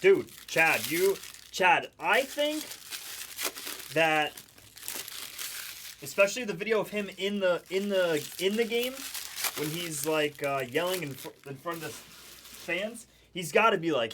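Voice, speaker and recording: Brief: woman card-break host, low and unhurried, very lively in pitch, teasing, with wrappers tearing and crinkling in a noisy take. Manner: playful, teasing, laughs often. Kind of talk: live stream chat while opening packs.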